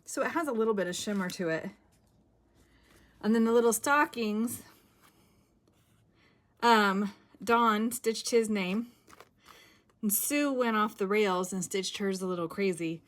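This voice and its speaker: A middle-aged woman hosting a craft video, chatting casually and thinking aloud as she works. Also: medium pitch. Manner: chatty, giggly, thinks aloud while working. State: a bit winded.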